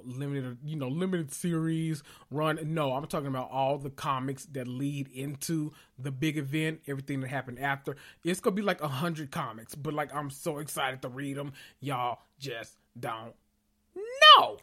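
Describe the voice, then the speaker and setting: Breathless man chatting excitedly. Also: fairly high pitch. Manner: excitable, swears freely, keeps addressing listeners as "y'all". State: a little out of breath and sweating after a big meal. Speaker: podcast host. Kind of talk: casual pop-culture recap podcast.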